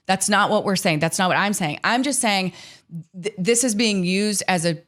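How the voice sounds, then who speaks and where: Laughing, candid mom co-host. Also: female voice, medium pitch, moderate pace, a bit bright. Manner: candid, laughing, swears freely. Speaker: podcast co-host. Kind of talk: casual chat.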